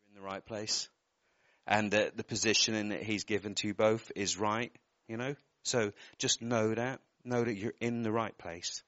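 A man's voice: fairly low pitch, fairly bright tone, no echo, dull audio. A man preaching a sermon, giving earnest personal words to people in the congregation and often breaking off with apologetic asides.

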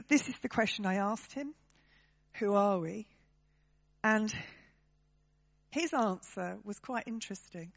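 A woman's voice: medium pitch, lo-fi sound. A woman preaching a sermon to her church, talking conversationally and turning to the congregation with tag questions.

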